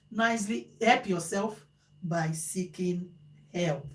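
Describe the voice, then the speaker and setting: Host vlogger, woman, fairly high voice, echoey room, emphatic repetition. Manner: animated, repeats phrases for emphasis. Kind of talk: casual talk to viewers.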